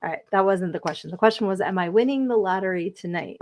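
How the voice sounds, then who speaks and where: A woman's voice: medium pitch, quick pace. A chatty woman hosts a live podcast stream, reading out viewer comments in a casual way. She laughs easily and keeps up a loose, friendly flow of talk. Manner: chatty, reads viewer comments aloud, giggly. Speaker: podcast host.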